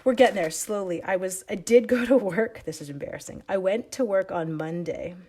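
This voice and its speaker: A woman's voice: medium pitch, brisk, dark tone, slight background noise. A middle-aged woman with a Canadian accent, feeling sick and coughing as she leads a live stamping demo, rambling through chatty side stories. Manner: chatty, rambling, self-interrupting. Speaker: stamping demonstrator.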